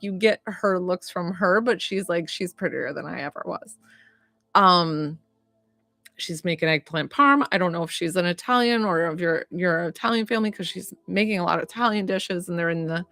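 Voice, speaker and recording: A woman giving a live psychic reading in a loose, chatty way, full of "like" fillers. She speaks at a middle pitch and sounds dry and close to the mic. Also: a bit bright, no room sound. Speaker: psychic medium.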